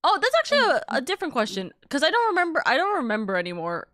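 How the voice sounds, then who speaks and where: This streamer, a young adult woman, talks rapid-fire in a high, pushed, bright voice with huge pitch swings, rambling casually on her live stream while swearing often and using tons of filler and "like". There's no echo in the audio.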